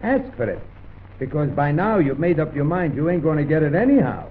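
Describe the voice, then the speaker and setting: Old-timey guy doing a dry comedy bit, high bouncy voice, sounds like it's coming down a phone line. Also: a little fast. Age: 1910s archive recording. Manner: dry deadpan instructions, mimicking phone voices. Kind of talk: comic monologue. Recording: tinny scratchy early gramophone record.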